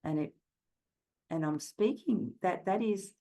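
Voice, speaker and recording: A woman's voice: on the low side, measured pace, dark tone, rough recording. A middle-aged woman giving an earnest, conversational parenting talk, often restarting her sentences. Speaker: parenting educator. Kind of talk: presentation talk.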